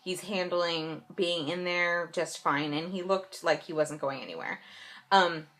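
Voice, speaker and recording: A woman's voice: lowish voice, steady tone, unhurried, a bit bright. Chatty pregnant young woman. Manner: chatty storytelling, mimics people sarcastically; many fillers and restarts. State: late in pregnancy. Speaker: vlogger. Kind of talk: casual pregnancy update chat.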